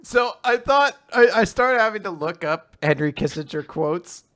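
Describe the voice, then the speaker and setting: A man's voice: high-pitched, expressive, moderate pace, a bit bright. A man co-hosting a casual manga recap podcast, making sardonic and profane jokes. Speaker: podcast co-host.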